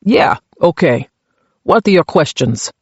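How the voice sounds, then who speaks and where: A man's voice: a little high, expressive, slow pace, husky, no room sound, muffled recording, heavily acted. A man voicing a surly, bullying Czech immigrant landlord with a thick Czech accent, boastful and barking. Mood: defiant.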